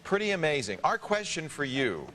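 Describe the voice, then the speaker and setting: Playful, animated male TV host. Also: on the high side, normal speed. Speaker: TV show host. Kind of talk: live TV tech show banter. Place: TV studio. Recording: noisy TV studio.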